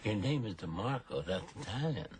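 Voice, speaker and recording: A patient, skeptical older psychiatrist in a film, asking slow, probing questions. His low voice sits over faint ambient noise. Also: very animated.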